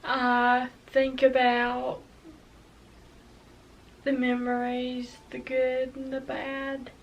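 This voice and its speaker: Young woman, early twenties, high voice, very slow, hesitant and emotional, confessional vlog, slightly distant mic. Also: monotone, slight background noise. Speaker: vlogger.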